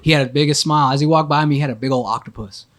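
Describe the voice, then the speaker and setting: A young man on a podcast, telling a long story in a casual, animated, profane way and acting out what he thought at the time. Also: on the high side, rapid-fire. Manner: animated, profane storytelling with acted-out inner voices. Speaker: podcast guest.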